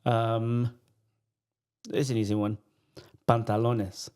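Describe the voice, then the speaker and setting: A man's voice: mid-range voice, little pitch movement, slow, darkish tone, smooth. A man who is a bank officer, a podcast guest, talking casually and patiently quizzing the hosts on words. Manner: patient, encouraging teacher quizzing with Spanish words.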